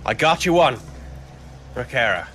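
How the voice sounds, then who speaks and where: A man playing a tabletop game, describing his character's actions in an unhurried way. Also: medium pitch, expressive, fairly bright tone, a little hiss or hum. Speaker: player.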